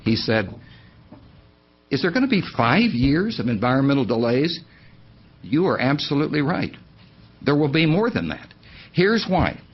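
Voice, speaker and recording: A man's voice: medium pitch, big pitch swings, moderate pace, pauses often, breathy edge. A man speaks at a public meeting, driving home each argument with pointed repetition. His voice sits in an ordinary middle range. The recording is dull and lo-fi. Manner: emphatic, repeats key points. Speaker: public commenter at county meeting. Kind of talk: public testimony.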